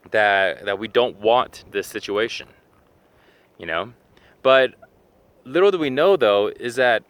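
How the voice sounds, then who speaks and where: Casual man with a bright, clear voice. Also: mid-range voice. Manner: conversational, full of "you know" and "right?"; acts out little scenes in quoted asides. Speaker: fitness and self-help video host. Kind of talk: casual motivational talk to camera.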